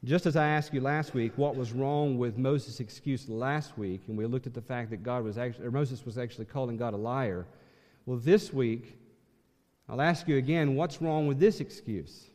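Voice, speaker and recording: A man preaching a sermon as pastor, emphatic, swinging from loud passages to hushed ones. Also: medium pitch, moderate pace, in a large hall.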